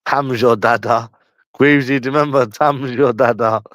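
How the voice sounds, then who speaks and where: A London-accented man hosts his own livestream, chatting in a rambling, repetitive way, looping the same lines, using slang and swearing, and often drawing his words out slowly. His middling-pitched voice is steady and a bit bright. The recording is close and dry, with no echo or room sound.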